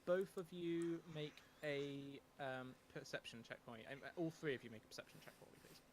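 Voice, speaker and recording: A man's voice: a little high, fairly quick, noisy background. A man narrating a tabletop game as game master, talking with many ums and restarts.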